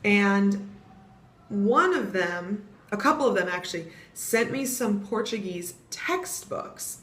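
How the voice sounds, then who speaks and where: A woman's voice: medium pitch, animated, slow pace, a bit bright. A young woman from the United States, chatting casually as she explains pronunciation and spells words out letter by letter. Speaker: vlogger teaching Portuguese pronunciation. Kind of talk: casual vlog lesson. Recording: echoey room with faint ambient noise.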